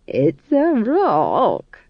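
Woman putting on a folksy old granny witch, slow and cheeky, dull dry read. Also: mid-range voice, very animated, dry recording, pitched above the performer's own voice. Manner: folksy, rustic grammar. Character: homely chatty old female witch, mischievous grandmother.

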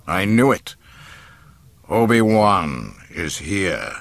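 A man reading aloud and voicing a cold, menacing dark lord, slow and ominous in a dry close sound. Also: deep voice, very animated, creaky, no echo, heavily acted.

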